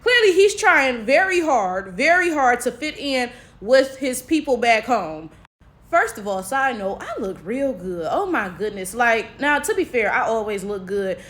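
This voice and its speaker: Sassy high-voiced African American woman. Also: very animated, a little slow, a bit bright. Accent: African American English. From United States. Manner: chatty, sassy, full of tags like "right?". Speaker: commentary vlogger. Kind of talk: casual opinion commentary.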